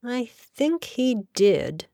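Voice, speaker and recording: Woman voicing young male lawyer, brusque, sardonic, measured pace, dry studio sound. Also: medium pitch, lively intonation, a little mellow, no room sound, close to an everyday voice. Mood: thoughtful. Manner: blunt, sardonic.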